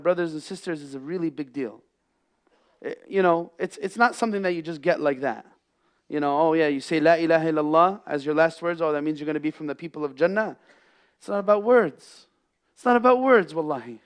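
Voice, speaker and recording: A man delivering a Friday sermon in a mosque, impassioned, with loud emphatic peaks and hushed lows, weaving in Arabic phrases. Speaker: imam giving a Friday sermon. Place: mosque prayer hall.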